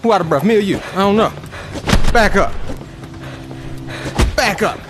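A man giving live commentary while playing a VR fighting game. He trash-talks his opponent, lets out loud whoops and makes chatty asides to viewers. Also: high-pitched, normal speed, noisy background.

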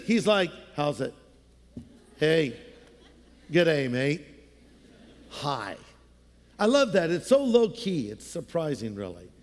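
A high-pitched man preaches from a stage mic, his voice ringing out through a long church-hall reverb. He tells his story in an easy, conversational way and slips into playful voices now and then. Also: darkish tone. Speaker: pastor. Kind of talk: sermon.

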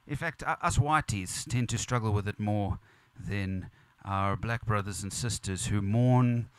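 Speaking at a measured pace with a clean, fairly low voice, a pastor preaches at a funeral in a church or funeral venue. The recording is dry, and he builds emphasis through earnest repetition.

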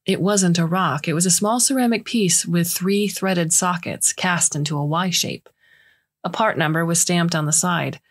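A woman reads a science fiction story aloud as a measured narrator. Her voice is lowish and somewhat husky, with a steady storytelling pace. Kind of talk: scripted narration.

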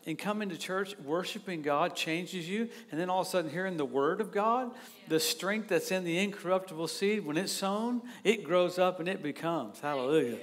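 A middle-aged man preaching a sermon, excitable and quick to laugh, now and then breaking into shouts. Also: high voice. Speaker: pastor.

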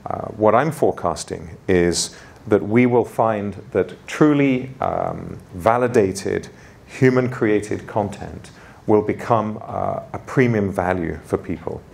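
Low-voiced man opening a conference. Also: big pitch swings, slow, vocal fry, darkish tone. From London. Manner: informal, self-deprecating, with frequent fillers. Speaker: conference host and keynote speaker.

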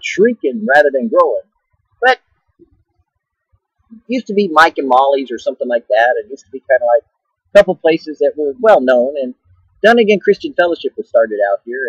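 A man's voice: fairly high pitch, fairly bright tone, husky, no room sound, poor audio. A middle-aged man with a joking, playful manner, preaching casually in a vlog from a rest stop and laughing often. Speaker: Christian video blogger.

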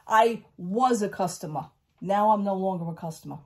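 A woman talking at home in a casual haul vlog, a rambling storyteller who keeps saying "I says" and turns loud and indignant over a grievance. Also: mid-range voice, moderate pace. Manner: gets loud and indignant when telling a grievance. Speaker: vlogger.

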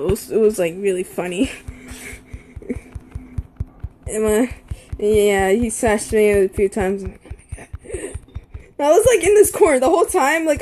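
A woman's voice: medium pitch, darkish tone, slight background noise. A young woman telling a casual story, rambling with lots of fillers and swearing.

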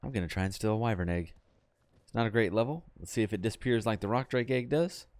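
A young adult man casually commenting on his video game as he plays, chatty and breaking into excited yells when things go wrong. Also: lowish voice, fast, no echo. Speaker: gaming channel host.

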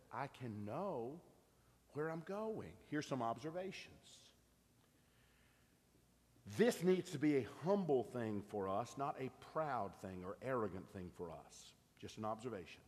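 A man's voice: fairly high pitch, big-room sound. A middle-aged man, preaching an earnest, conversational sermon and asking his congregation questions. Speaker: pastor. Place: church sanctuary.

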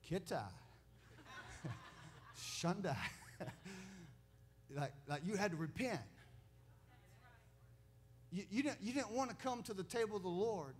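High-voiced pastor preaching. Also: male voice. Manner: storytelling with laughs, rising to loud preaching. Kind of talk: sermon.

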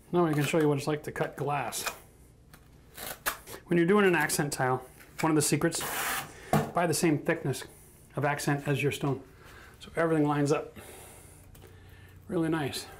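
A man's voice: a little high, moderate pace, long pauses, background noise. A man with a chatty, self-mocking manner who laughs often, teaching a casual DIY tiling tutorial on a bathroom job site. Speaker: renovation instructor.

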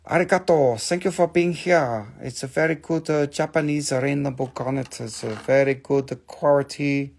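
A man putting on a gem seller who speaks in clipped, broken English while pitching stones. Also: vocal fry, a little mellow. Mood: selling. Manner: clipped, halting, broken phrasing.

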